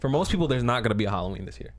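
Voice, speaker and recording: A man's voice: mid-range voice, lively intonation, racing. A young man co-hosting a podcast in easygoing chat, with wry jokes and frequent restarts. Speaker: podcast co-host. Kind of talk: casual chat. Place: indoor room, wearing a fursuit.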